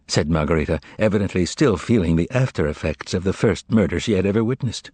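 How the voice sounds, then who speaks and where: A man narrating an audiobook with an expressive, lively reading. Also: low-pitched, quick pace, few pauses, husky, no echo. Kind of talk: scripted narration.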